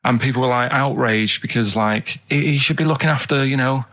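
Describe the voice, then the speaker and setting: A man, the show's producer, talking in a flat, hesitant, rambling way. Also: medium pitch, brisk. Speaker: radio producer and sidekick. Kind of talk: radio banter. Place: radio studio.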